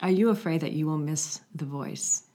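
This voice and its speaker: A woman telling a story in a conversational faith reflection, animated, with hushed passages. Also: deep voice, normal speed. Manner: storytelling, animated, drops to a hushed voice for quiet moments.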